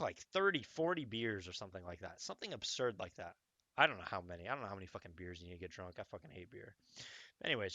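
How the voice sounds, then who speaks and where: Young man, casual storytelling, animated and profane, bright forceful voice, dry dull mic. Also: mid-range voice, no room sound. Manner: animated, profane, rambling with frequent "okay?" asides. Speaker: streamer telling a story.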